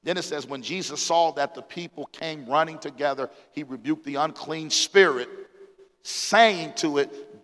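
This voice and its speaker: Bright-voiced preaching pastor in a reverberant hall. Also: male voice, a little high, a little slow. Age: 40s. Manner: call-and-response preaching, rises to shouts, reads scripture aloud. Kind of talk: sermon.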